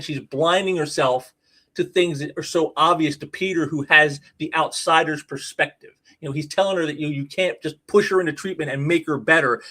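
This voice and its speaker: A man's voice: a little high, fairly bright tone. A man casually talking through a comic book issue, rambling with lots of fillers and restarts. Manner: rambling, many "you know" fillers and restarts. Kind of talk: casual spoken review.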